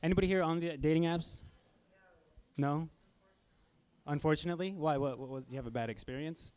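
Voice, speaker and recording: A man's voice: fairly high pitch, fairly quick, a little mellow, clean tone. A young man performs stand-up with a self-deprecating, slightly anxious delivery. He riffs with the audience in a casual, conversational way. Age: young adult. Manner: nervous, self-deprecating crowd work. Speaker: stand-up comedian. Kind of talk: stand-up set.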